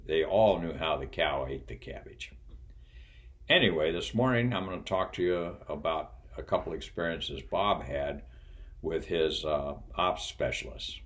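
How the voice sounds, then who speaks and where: An older man, a retired pilot and flight instructor, tells folksy stories in an unhurried way, pausing often and chuckling. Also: very deep voice, a bit bright. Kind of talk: casual storytelling.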